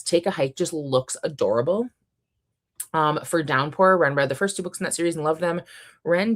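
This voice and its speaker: A young woman hosting a casual book livestream, reading out chat messages and gushing with frequent laughs and ums. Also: low voice. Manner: chatty, gushing, laughs often, many ums.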